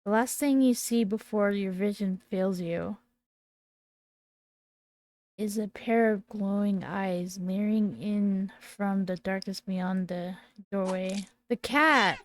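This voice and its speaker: A woman in her twenties, a gamer reading horror game text aloud in a slow, dramatic way. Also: mid-range voice. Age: 20s. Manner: slow, dramatic reading with sudden startled outbursts.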